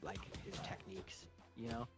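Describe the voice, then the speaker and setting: A man's voice: medium pitch, normal speed, over music. A man co-hosting a game stream in casual chat, nerdily explaining game lore at length with small chuckles.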